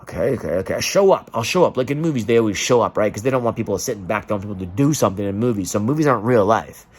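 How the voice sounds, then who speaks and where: A man's voice: on the low side, animated, rapid-fire, slightly rough. A man delivering an emotional, profane rant straight to camera and acting out the voices of the people he quotes. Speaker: vlogger.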